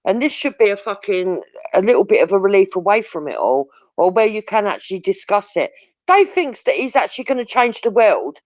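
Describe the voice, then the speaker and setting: A woman's voice: mid-range voice, darkish tone, no room sound. A woman ranting bluntly and confrontationally, swearing heavily as a live-stream talk host. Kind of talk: heated profane rant. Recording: dull lo-fi audio.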